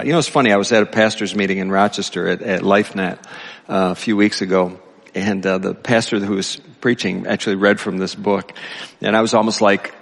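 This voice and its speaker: A man's voice: on the low side, creaky. A male pastor preaching a sermon in a loose, conversational way, with many fillers and restarts, recorded in a church hall with long reverb.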